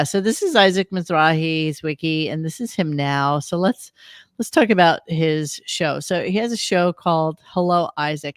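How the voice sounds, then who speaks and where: A woman hosting a loose talk show, sarcastic and quick to rant, swearing as she goes. Her voice sits on the low side. It is recorded dry and close. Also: no echo. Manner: ranting, sarcastic, profane. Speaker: podcast host. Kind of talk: casual chat.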